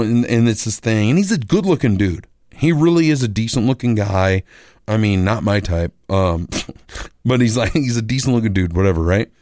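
Rambling, animated middle-aged man telling a story. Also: lowish voice, moderate pace, no room sound, clean studio sound. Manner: rambling, animated, acts out quoted voices. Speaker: radio personality and musician. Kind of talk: casual storytelling monologue.

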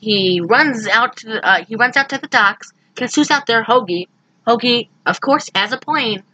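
A woman talks through a movie plot in casual chat, animated and playful, breaking into high, shouted impressions of the characters. Her voice is bright and forceful. The recording is dry and close. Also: normal speed, slightly rough, no room sound, poor audio. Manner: animated, laughing, acts out lines in loud high voices. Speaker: podcast co-host recapping a movie.

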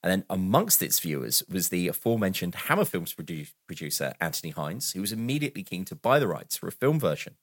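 A man's voice: sits low, big pitch swings, fast, few pauses, no echo. A man co-hosting a casual film podcast, reading out film history with wry asides. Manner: reads film background aloud with wry asides and frequent laughs. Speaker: podcast co-host.

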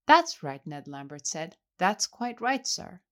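A man's voice: on the high side, very animated, a little slow, a bit bright. A woman reader voicing a jovial, boisterous man who keeps exclaiming and sneezing. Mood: cordial.

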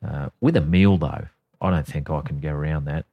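A man's voice: a bass voice, fairly quick, slightly rough, narrow, tinny audio. A man hosting a casual comedy podcast, sweary and sardonic as he tells a story. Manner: sweary, sardonic storytelling, reading quotes aloud. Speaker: podcast co-host.

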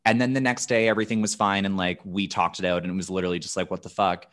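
A man's voice: sits low, little pitch movement, quick pace, fairly bright tone. A man in his thirties, a podcast guest telling candid, profane stories in casual chat, often restarting his phrases.

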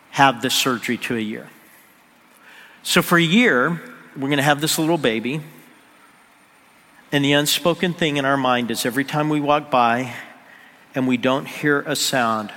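Male pastor, sermon storyteller, forceful tone, echoing church hall. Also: mid-range voice, moderate pace, pauses often. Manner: drops to near-whisper on emotional moments. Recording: long hall reverb.

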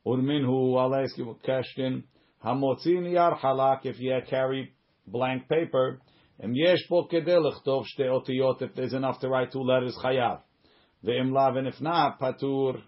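A man's voice: mid-range voice, steady tone, normal speed, dull audio. A man teaching a Talmud class, reading the Hebrew and Aramaic text and explaining it in English with frequent restarts and side remarks.

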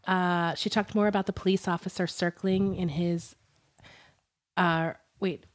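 A woman's voice: on the low side, level tone, unhurried. A woman co-hosting a podcast, telling a story in casual chat with many fillers and frequent laughter. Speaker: podcast co-host.

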